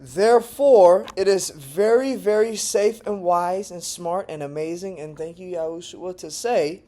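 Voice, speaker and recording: A man from Texas talking to camera in a casual vlog monologue, animated and digressive, jumping between loud bursts and low murmurs and laughing often. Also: measured pace. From Texas, United States. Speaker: language-learning vlogger.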